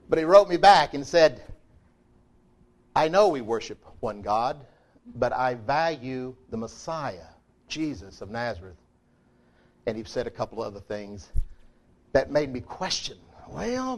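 A middle-aged man preaching a sermon in a folksy, emphatic way, swinging between loud declarations and quiet asides. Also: medium pitch.

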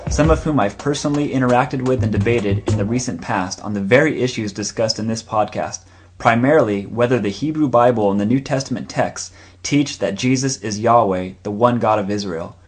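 Male podcast host, husky read intro over soft music. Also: lowish voice, a little fast.

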